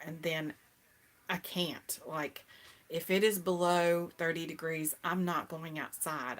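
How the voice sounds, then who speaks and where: A middle-aged woman hosting a casual live-stream chat, talking with viewers and laughing often. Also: sits low. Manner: chatty, laughs often, greets viewers brightly. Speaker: host.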